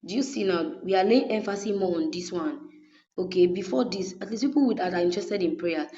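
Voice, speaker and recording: Her voice low and dark, a woman moves a little fast through a screen-recorded graphic design tutorial. She stays patient, explaining step by step and asking "okay?" often, all on a dull lo-fi recording.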